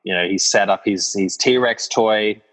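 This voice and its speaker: Low-voiced man in a reverberant room. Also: unhurried, fairly bright tone. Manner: thoughtful, many "you know" fillers. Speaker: film podcast co-host. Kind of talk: casual film discussion.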